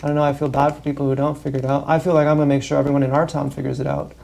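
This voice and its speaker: A man talking straight to his livestream in a loose, wandering monologue, swearing freely and leaning hard on his points. His voice is gravelly with a dark, mellow tone. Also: fairly high pitch, little pitch movement, rapid-fire. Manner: profane, meandering, emphatic. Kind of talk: rambling casual monologue.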